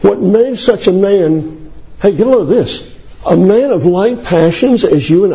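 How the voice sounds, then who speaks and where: A man preaching a sermon, emphatic and building to high declamation as he quotes scripture. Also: animated, measured pace, creaky, warm tone, muffled recording.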